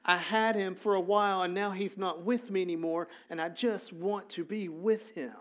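A man voicing a grieving, desperate woman pleading at a tomb, his pitch pushed up. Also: steady tone, moderate pace, natural voice.

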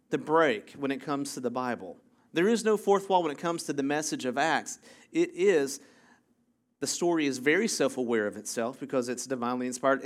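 A man's voice: on the high side, a bit bright. A man preaching a casual, conversational sermon, chatty and full of jokey asides, who keeps checking in with the congregation by asking "right?". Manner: self-interrupting, jokey asides. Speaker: pastor.

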